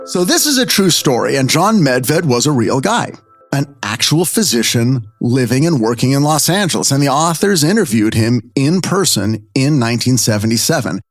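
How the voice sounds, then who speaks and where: Animated middle-aged male podcast storyteller. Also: mid-range voice, normal speed, no room sound, studio quality, faint music behind. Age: 50s. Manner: animated, conversational, addresses listeners directly. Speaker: podcast host. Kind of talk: storytelling narration.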